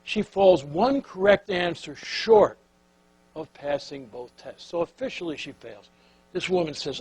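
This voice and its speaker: A man's voice: fairly high pitch, unhurried, darkish tone, husky, no echo, low-quality recording. A man giving a speech and telling a folksy anecdote, with questions tossed to the audience. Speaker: keynote speaker. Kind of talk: storytelling speech.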